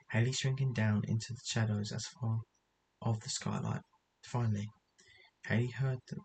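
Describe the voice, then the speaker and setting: A man's voice: fairly low pitch, vocal fry, a little mellow, slight background noise, poor audio. A man reading a story aloud as narrator, often stumbling and correcting himself as he goes. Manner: reads with frequent stumbles and self-corrections.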